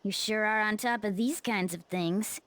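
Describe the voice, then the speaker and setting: A woman's voice: mid-range voice, moderate pace, a bit bright, no room sound, lightly acted. A woman streamer voicing a level-headed, studious teenage girl while reading game dialogue. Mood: sensible. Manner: level-headed, mildly scolding.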